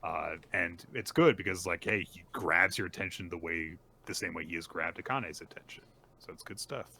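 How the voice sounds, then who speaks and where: Podcast co-host, man, deep but bright voice, lively recap chatter. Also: moderate pace, creaky, a little hiss or hum. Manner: animated retelling with put-on character voices. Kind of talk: casual manga recap chat.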